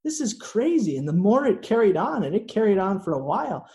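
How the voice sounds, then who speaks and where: A man preaching a sermon in a slow, earnest way, with dramatic pauses. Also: high-pitched, big pitch swings, darkish tone. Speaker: pastor.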